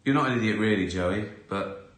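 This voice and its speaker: A man's voice: fairly low pitch, fairly quick, fairly bright tone, roomy sound. A middle-aged man, chatting casually on a live stream, answering viewer questions, laughing often and acting out little scenes.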